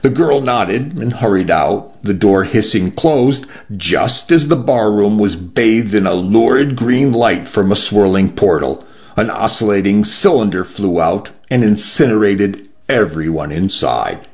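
Man, audiobook narrator, low voice, very slow, lively pitch, muffled lo-fi recording. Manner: slow and measured.

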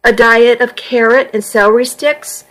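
A woman voicing an easygoing teenage boy who teases his best friend in a calm, matter-of-fact way. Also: on the high side, normal speed, lightly acted, poor audio.

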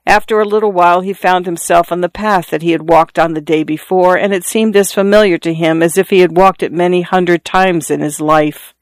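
A narrator reading a literary story aloud as an audiobook, in a measured, even storytelling manner. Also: mid-range voice, smooth, no echo.

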